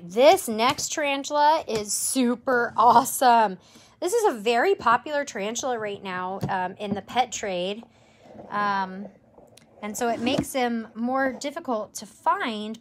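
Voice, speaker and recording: A woman educator presenting tarantulas in a live stream, enthusiastic and gentle, cooing at the animals. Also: fairly high pitch, a little hiss or hum. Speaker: insect zoo educator. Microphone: livestream camera mic.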